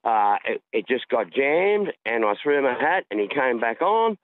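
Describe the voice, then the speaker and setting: A man's voice: medium pitch, big pitch swings, normal speed. An Australian man calling in to a radio show, telling a long rambling story in a chatty way over the phone. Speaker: caller. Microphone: phone line. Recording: tinny phone line.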